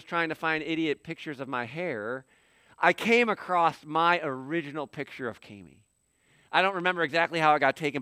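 A middle-aged man preaching a sermon as pastor, animated and acting out quoted dialogue. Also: a little high, smooth, no room sound.

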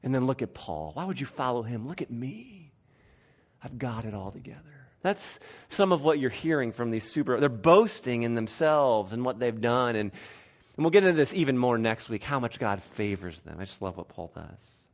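Animated male pastor preaching. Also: medium pitch, normal speed. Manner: animated, conversational, with self-corrections. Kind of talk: sermon. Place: church.

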